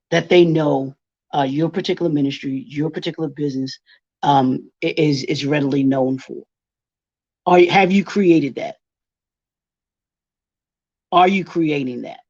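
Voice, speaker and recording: A man's voice: a little high, a little mellow, no echo. A man from Baltimore giving a workshop presentation, asking rhetorical questions and restating each point. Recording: dull, dry lo-fi recording.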